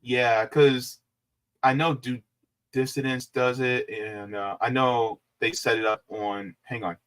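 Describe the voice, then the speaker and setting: A man's voice: medium pitch, fairly even intonation, slow pace, fairly bright tone, clear, resonant tone. A man hosting a casual livestream, talking to viewers in a loose, rambling way with plenty of fillers. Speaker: livestream host.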